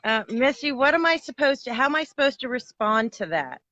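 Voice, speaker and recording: A woman's voice: high-pitched, sing-song, brisk, sharp tone, no room sound, muffled recording. A woman hosting a casual live stream, teasing her guest and swearing freely.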